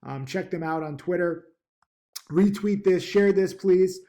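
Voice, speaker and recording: Higher-voiced man rambling to his laptop. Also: unhurried, dark tone. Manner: rambling, lots of ums and restarts; upbeat, pushy encouragement. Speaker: stock trading teacher. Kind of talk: casual talking-to-camera vlog. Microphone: laptop mic.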